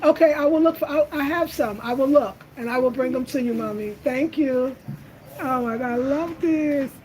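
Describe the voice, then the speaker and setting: A middle-aged woman hosting a casual livestream, telling lively stories to her viewers and laughing often. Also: high-pitched, normal speed, a little hiss or hum, low-quality recording. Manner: animated storyteller, laughs often, addresses viewers as y'all. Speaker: host of a home design channel.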